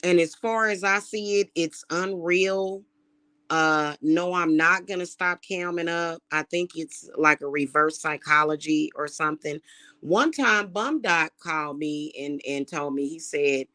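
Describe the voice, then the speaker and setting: A woman, ranting to camera in a casual vlog, blunt and animated, with profane slang. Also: lowish voice, a little slow. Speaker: vlogger.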